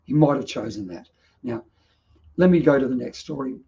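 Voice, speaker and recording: Gravelly Australian man, earnest and reflective. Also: mid-range voice, animated, moderate pace, mellow, lo-fi sound. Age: middle-aged. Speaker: vlog host. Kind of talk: personal storytelling monologue.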